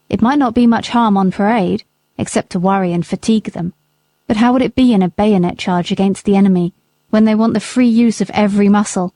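A woman voicing a stern, principled middle-aged gentleman in an audiobook, speaking in measured rebuke. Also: medium pitch, no room sound, close to an everyday voice. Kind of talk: audiobook character reading.

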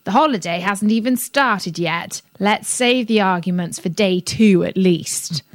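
A woman voicing a calm, weary father in a storybook reading. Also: medium pitch, a little slow, dry recording, studio quality, natural voice. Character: tired calm dad.

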